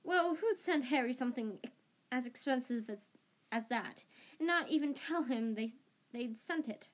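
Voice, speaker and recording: A serious, worried teenage girl witch, voiced by a woman reader, earnest and questioning. She speaks a little high and carefully. It comes from an amateur audiobook reading. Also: animated, moderate pace.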